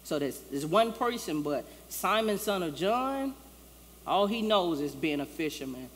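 A woman's voice: fairly low pitch, lively intonation, measured pace. A woman pastor preaching a sermon in a loose, conversational way, acting out the lines she quotes. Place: church sanctuary. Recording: long church-hall reverb, faint ambience.

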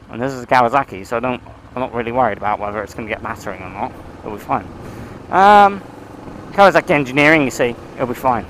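A man's voice: medium pitch, a bit bright, slight background noise, rough recording. A man vlogging from his motorcycle, rambling and swearing as he rides through town. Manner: rambling, sweary, talks to himself and his bike. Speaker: motovlogger. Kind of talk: casual motovlog chat while riding.

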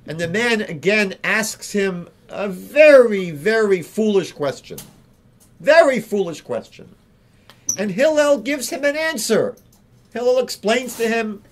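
A rabbi telling a teaching story in a slow, deliberate way, repeating key phrases. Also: male voice, high voice, animated. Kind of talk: storytelling lesson.

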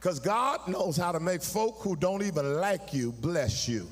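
A pastor preaches live in a church, his fairly high voice rising from quiet, confiding lines into sung, shouted peaks. He calls out to the congregation for answers as he goes. The sound carries the long reverb of a large sanctuary. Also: lively intonation, unhurried, a little hiss or hum. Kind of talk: sermon.

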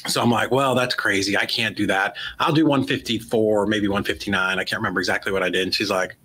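Talking fast with a breathy edge in a fairly low voice, a real estate investor from the United States, in his forties, tells an interview story. He animatedly performs the dialogue of the people involved, and the audio quality is poor.

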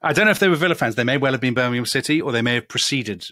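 British male podcast co-host, mid-pitched, chatty storyteller, dry studio sound. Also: lively intonation, racing, bright, forceful tone, no room sound. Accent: British English. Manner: chatty, storytelling, frequent ums. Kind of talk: casual history chat.

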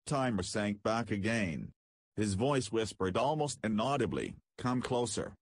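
A man narrates a pulp science fiction audiobook in a measured storytelling manner. His voice is low and husky, recorded dry and close to the mic. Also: expressive, dry recording. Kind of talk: scripted narration.

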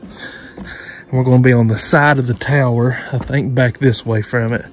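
A man narrating a casual hiking vlog outdoors on a handheld camera, excitedly pointing out the views to viewers, sometimes out of breath. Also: medium pitch, normal speed. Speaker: vlogger. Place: outdoors at rocky overlooks.

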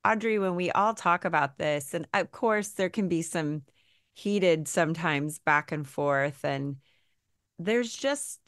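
Low-voiced woman podcast host. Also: fairly bright tone, clean tone, no echo, clean studio sound. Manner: reflective, rambling with fillers. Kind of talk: conversational interview.

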